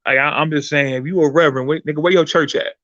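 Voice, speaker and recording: A man hosting a podcast, telling a story in a profane, animated way with many restarts. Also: fairly high pitch, fast talker, no echo, muffled recording. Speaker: podcast host and performer. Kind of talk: casual chat, storytelling.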